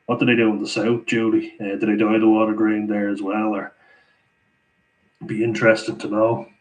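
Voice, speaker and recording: A man with an Irish accent chats loosely through a live viewer Q&A. His voice sits a little low, and he keeps breaking into easy laughter between remarks. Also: little pitch movement, unhurried, pauses often, rough recording. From Ireland. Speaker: channel host answering viewer questions. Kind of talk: casual live Q&A chat.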